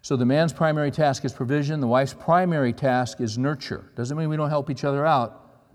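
A man's voice: mid-range voice, fairly even intonation, a little fast, darkish tone. A middle-aged man preaching a sermon, telling stories in a conversational way and checking in with the audience. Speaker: pastor. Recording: long reverb of a large hall.

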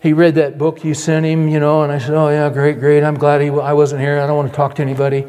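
Older male preacher, slightly high voice, telling a story in a sermon, long hall reverb. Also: monotone, fast. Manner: storytelling, acts out his own past voice, drops soft and low at the end.

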